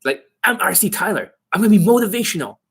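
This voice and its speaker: A man's voice: sits high, lively intonation, fast, gravelly, a bit bright, slightly rough, pitched above the performer's own voice, full character voice. A man doing a mocking impression of a sugary, upbeat male pickup coach who gives fake motivational talk. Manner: mocking, exaggerated cheerfulness.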